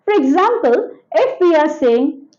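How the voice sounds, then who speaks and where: A woman teacher talks children through an English grammar lesson. She repeats each example word slowly, with a high, lively voice that rises and falls a lot. The recording sounds dull and lo-fi.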